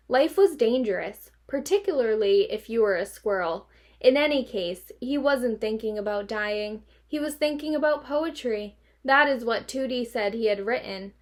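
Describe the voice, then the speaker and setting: Woman, teacher, read-aloud, expressive, fairly high voice. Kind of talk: reading a novel aloud to students.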